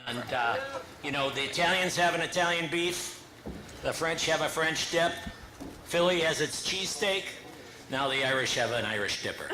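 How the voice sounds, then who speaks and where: Man pitching his dish in a loud, echoey space. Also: expressive, moderate pace, background noise. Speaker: food contest entrant.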